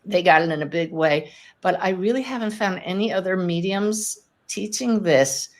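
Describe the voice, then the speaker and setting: Podcast host, woman, medium; lower-pitched, warm storytelling energy, chatty, laughs easily. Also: moderate pace. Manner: enthusiastic, chatty, laughs often. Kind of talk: live Q&A podcast, teaching and storytelling.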